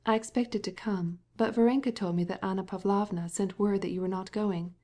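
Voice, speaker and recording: A woman's voice: mid-range voice, steady tone, brisk, mellow, lightly acted. A woman voicing an earnest, kind young woman in an audiobook, speaking eagerly.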